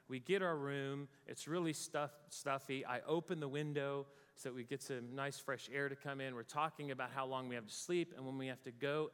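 A man's voice: mid-range voice, a bit bright, smooth. An American man telling a story about his own travels to a live audience, acting out his panic in a raised voice. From United States. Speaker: speaker. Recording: long reverb of a large hall.

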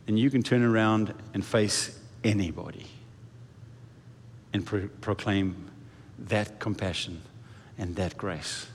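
Male pastor mid-sermon, lively and dramatic delivery acting out quotes, recorded with long church reverb. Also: takes it slowly, a little hiss or hum. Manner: animated, acts out quoted voices, lively swings in pitch and volume. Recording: echoey hall reverb.

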